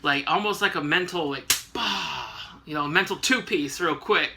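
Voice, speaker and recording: A man's voice: on the high side, moderate pace, gravelly, background noise. A man hosting a casual comic book recap, rambling and joking with lots of fillers. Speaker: host.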